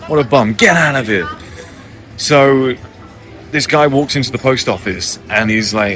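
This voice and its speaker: A man's voice: fairly low pitch, normal speed, bright, forceful tone, faint music behind. A young man talking casually to camera in a cafe, brash and joking, swearing freely. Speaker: vlogger. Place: cafe by the water.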